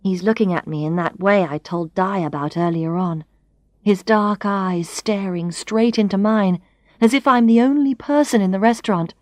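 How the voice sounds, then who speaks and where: Clear, expressive female narrator for a learners' story; dry studio sound. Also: mid-range voice, moderate pace, no room sound. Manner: expressive, clear, first-person reading.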